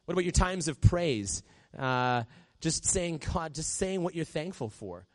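A man preaching a sermon in a conversational way, often dropping to a soft hush when he quotes a prayer. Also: fairly high pitch, lively intonation, measured pace. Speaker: pastor.

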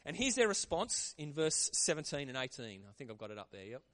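A man preaching a sermon in a lively, conversational way. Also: on the high side, fairly quick. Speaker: pastor.

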